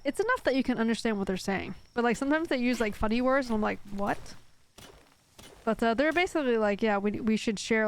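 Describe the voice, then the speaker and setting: A woman streaming a game live, chatting casually and rambling with lots of filler words. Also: fairly high pitch. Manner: reads chat aloud and answers it. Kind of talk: casual live-stream chat while gaming.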